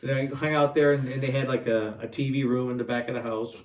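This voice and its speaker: A man's voice: mid-range voice, steady tone, fast talker, distant mic. A middle-aged man co-hosting a podcast in casual chat, easygoing, with dry short replies. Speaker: podcast co-host, husband. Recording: roomy, away from the mic.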